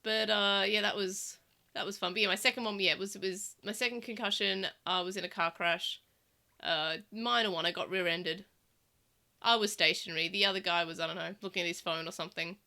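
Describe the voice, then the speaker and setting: A woman's voice: mid-range voice, fairly even intonation, brisk, vocal fry, pushed and bright. A woman with an Australian accent chatting casually while streaming a game, rambling, with many fillers and restarts. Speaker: let's play streamer. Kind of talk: casual gameplay chat.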